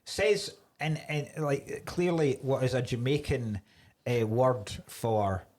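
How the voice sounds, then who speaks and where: A man co-hosting a comedy podcast, ranting in an animated way and swearing freely. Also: mid-range voice, slow. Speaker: podcast co-host. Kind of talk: casual comedic chat.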